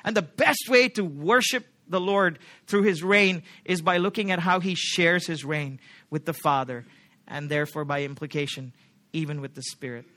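Male pastor, high bright voice, emphatic sermon delivery, keeps checking in with the congregation. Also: normal speed. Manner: emphatic, asks the congregation rhetorical questions.

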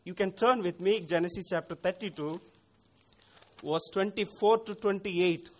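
Earnest high-voiced male preacher. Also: normal speed. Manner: earnest, emphatic preaching with pleading prayer passages. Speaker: pastor. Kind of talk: sermon.

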